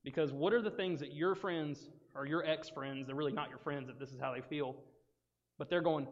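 A man gives a casual, animated youth sermon, acting out the voices of friends and Bible characters. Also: on the high side, moderate pace, pauses often. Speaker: youth pastor. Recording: dull sound with long reverb in a hall.

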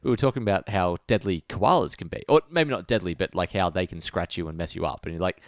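A young man with an Australian accent talks casually on a podcast, wandering through his stories with lots of "um"s and "you know"s. His voice sits very low, and the recording is close and dry. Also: fast talker, no echo. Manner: rambling storyteller, frequent fillers. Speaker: podcast co-host. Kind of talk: casual chat.

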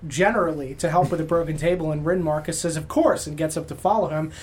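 A man's voice: on the high side, steady tone, quick pace, darkish tone, slightly rough. A man acting as game master, recapping the last session casually with many filler sounds.

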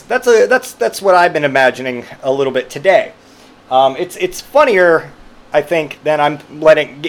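A man telling a rambling personal story, swearing freely and amused, with lots of fillers and restarts. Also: on the high side. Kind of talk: casual storytelling monologue.

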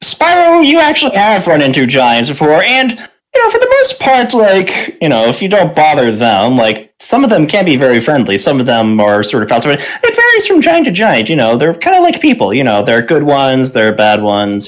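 A man's voice: on the high side, wildly swooping pitch, moderate pace. A man narrating a tabletop game as game master, rambling with many fillers.

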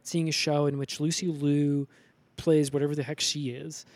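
A man co-hosting a comedy podcast, recapping a show in a deadpan, rambling way full of fillers. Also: on the high side, normal speed, no echo. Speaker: podcast co-host. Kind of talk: comedic episode recap chat.

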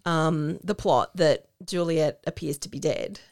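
A woman's voice: deep voice, a little slow, a little mellow. A woman co-hosting a casual podcast, recounting a film's plot with chatty asides. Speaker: podcast co-host. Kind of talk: casual film discussion.

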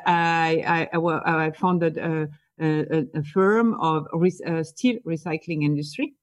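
A woman from France with a French accent, answering interview questions eagerly and often repeating small words over a remote call. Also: on the low side. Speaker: guest, executive leadership coach.

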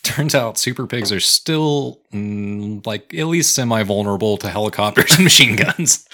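A man chats on a podcast, joking along and laughing easily. His voice is bright and forward. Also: on the low side, expressive, moderate pace. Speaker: podcast co-host. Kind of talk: casual chat.

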